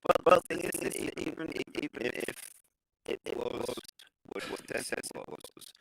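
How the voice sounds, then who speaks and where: A man's voice: fairly high pitch, unhurried, vocal fry, a bit bright, rough recording. A man co-hosting a comedy podcast in casual chat, hesitating and repeating words before landing dry jokes. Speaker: podcast co-host.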